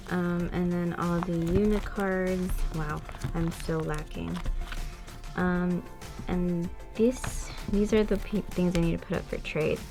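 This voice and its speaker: A young woman from the United States chats through an unboxing at an unhurried pace, gushing and excitable. Her pitch sits mid-range for a woman. Soft music plays faintly behind her. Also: gravelly. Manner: chatty and gushing, with laughs and excited gasps. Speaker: vlogger. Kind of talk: casual unboxing chat.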